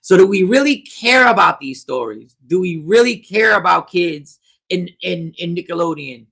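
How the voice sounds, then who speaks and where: A man hosting a casual livestream, commenting on the news and reading viewers' comments aloud, animated and repetitive. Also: sits high, moderate pace, vocal fry, husky. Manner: animated, talks back to chat, repeats himself. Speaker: host.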